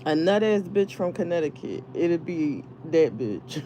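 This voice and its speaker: Slow, mellow-voiced woman chatting profanely. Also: lowish voice, slight background noise. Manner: profane, laughing, rambling storytelling. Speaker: live streamer. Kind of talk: casual venting chat.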